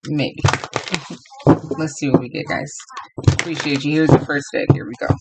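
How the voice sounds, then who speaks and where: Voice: mid-range voice, steady tone, normal speed, gravelly, heavy background noise. A tarot reader from Los Angeles giving a casual, rambling reading to viewers and laughing often.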